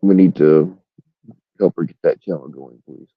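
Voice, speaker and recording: A man's voice: extremely low pitch, normal speed, breathy edge, dry recording, phone-quality sound. A man hosting a livestream in rambling casual chat, swearing freely. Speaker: livestream host.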